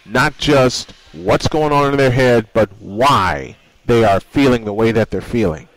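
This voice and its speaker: Guy on sports talk radio, earnest monologue, dry close studio mic, middle pitch. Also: expressive, unhurried, no room sound, low-quality recording. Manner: earnest, reading quotes aloud then speaking from the heart.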